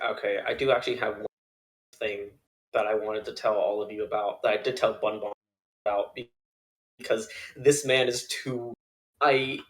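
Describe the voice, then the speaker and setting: A young man, a podcast co-host, tells a funny story in casual chat, laughing often and acting out the people he quotes. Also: lowish voice.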